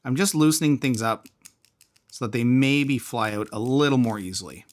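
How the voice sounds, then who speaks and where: A man's voice: medium pitch, normal speed. Chatty man taking apart a gadget. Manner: chatty, thinks aloud while tinkering. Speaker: fidget toy reviewer. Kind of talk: casual product teardown.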